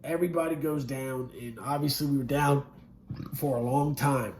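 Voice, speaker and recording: A middle-aged man recounting his prison past in a blunt, profane storytelling manner, swinging from loud bursts to low murmurs. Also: fairly even intonation, moderate pace, a little hiss or hum. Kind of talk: candid storytelling interview.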